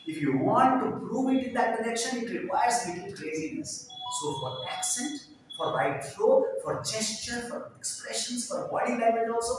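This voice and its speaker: A man's voice: extremely high pitch, animated, normal speed, background noise. Man teaching in an echoey room. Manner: demonstrative, repeats drills and tongue twisters. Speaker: English teacher. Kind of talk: spoken English lesson. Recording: echoey room, mic far off.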